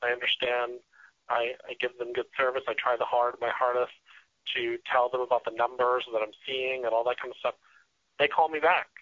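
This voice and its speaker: An earnest man speaking as a radio guest, his voice bright and forceful. He often restarts his sentences and fills pauses as he explains. The sound is dry and a little dull, with a lo-fi feel. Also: medium pitch, flat delivery, no echo. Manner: earnest, with frequent restarts and fillers. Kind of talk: casual interview talk.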